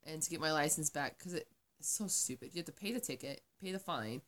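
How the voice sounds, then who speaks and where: Low-voiced woman telling a story casually. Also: fast. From Arizona. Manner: profane, animated storytelling. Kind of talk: casual chat.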